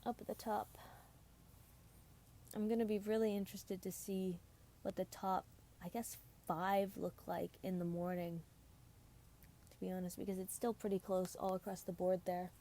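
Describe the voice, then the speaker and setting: A woman's voice: medium pitch, little pitch movement, moderate pace, pauses often, warm tone. A tired woman streaming a mobile game at home, chatting casually and rambling about her team. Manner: rambling, chatty, self-deprecating. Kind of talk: casual gameplay commentary.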